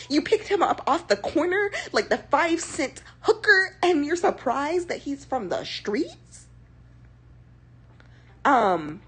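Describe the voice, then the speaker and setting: A young woman rambles through sassy, slang-filled commentary in casual chat. Her voice is breathy and husky, with no clean edge. Her pitch sits a bit high and leaps around expressively. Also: a bit bright. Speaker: streamer.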